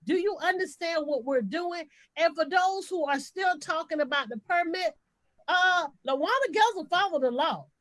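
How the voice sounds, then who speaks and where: Emphatic high-voiced woman activist. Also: expressive, moderate pace, fairly bright tone, dry recording. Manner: emphatic, passionate, repeating for emphasis. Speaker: activist panelist. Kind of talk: panel discussion on a podcast.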